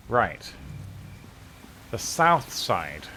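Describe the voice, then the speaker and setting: A man's voice: medium pitch, very animated, normal speed, fairly bright tone, slight background noise. A man streaming a video game, giving casual commentary in a dry, offhand way, with some swearing. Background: game music.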